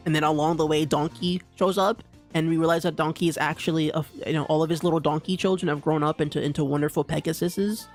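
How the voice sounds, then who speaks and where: A man's voice: a little high, fairly even intonation, fast talker, hardly any pauses, soft background music. A young man streaming live, rambling casually and stammering through many restarts and repeats.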